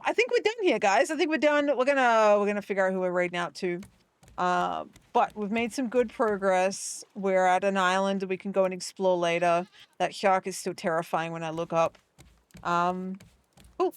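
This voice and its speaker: A woman's voice: medium pitch, moderate pace, smooth, dry recording. A young woman chatting casually with her viewers during a live gameplay stream, rambling and upbeat. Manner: chatty and rambling, talking to chat.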